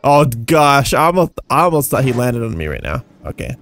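A young man giving casual, rambling gameplay commentary as a YouTuber, excitable and jumping between high and low. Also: fairly quick, soft background music. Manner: excitable, rambling, jumpy pitch swings. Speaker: gaming YouTuber.

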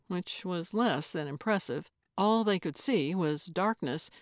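A woman narrating a cozy mystery audiobook in a calm, measured way. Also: fairly low pitch, no room sound, studio quality. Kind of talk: scripted narration.

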